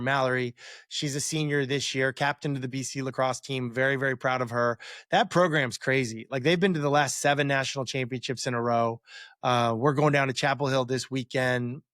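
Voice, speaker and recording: A man's voice: mid-range voice, normal speed, no echo, clean studio sound. A middle-aged man, a former quarterback, telling rambling stories as a podcast guest and acting out what others said. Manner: rambling, animated, acts out quotes. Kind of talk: casual interview storytelling.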